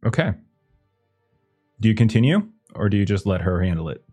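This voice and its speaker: A man's voice: fairly low pitch, sing-song, a little fast, mellow, breathy edge, faint music behind. A man running a tabletop game as game master, narrating loosely with many fillers. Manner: hesitant, lots of kinda and uh.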